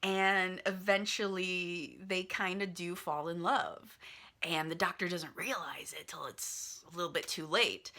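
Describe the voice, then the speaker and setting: A woman's voice: on the low side, a little slow, pushed and bright. A woman casually retelling a movie's plot in a chatty, filler-heavy way, like talking to friends. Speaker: vlogger reviewing a movie.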